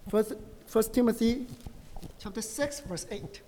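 A man's voice: very high voice, a little slow, a little hiss or hum. Joking man preaching in a hall. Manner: animated and joking, often asks "right?". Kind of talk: conversational sermon to a congregation. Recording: long reverb of a hall.

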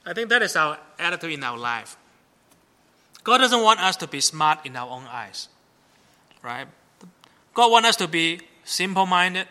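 Bright-voiced conversational male pastor. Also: a little high. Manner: conversational, asks the congregation "right?". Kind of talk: sermon.

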